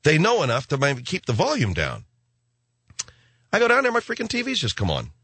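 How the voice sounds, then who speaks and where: A man's voice: fairly high pitch, slightly rough, no room sound. A middle-aged man hosting a late-night radio show, telling a rambling story with lots of asides. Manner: animated storytelling, acts out voices, rambling asides. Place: radio studio. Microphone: studio microphone.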